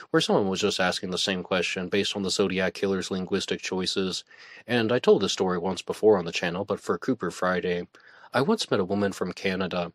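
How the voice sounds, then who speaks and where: A man's voice: low-pitched, no room sound, studio quality. A man hosting a solo podcast, musing aloud in a casual, conversational way with some hesitations. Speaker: podcast host.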